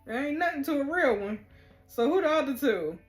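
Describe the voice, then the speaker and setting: Woman playing a story game, talks back to it, kinda high voice, faint music. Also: expressive, a little fast. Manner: chatty, reacting loudly to the story. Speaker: story game player and reader. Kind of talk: reading a story game aloud with reactions.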